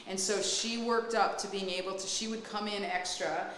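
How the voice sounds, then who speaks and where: A woman's voice: mid-range voice, normal speed, slight background noise. Woman teaching in an echoey room. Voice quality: expressive, acts out voices in her story. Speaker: fitness certification instructor. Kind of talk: storytelling to a student.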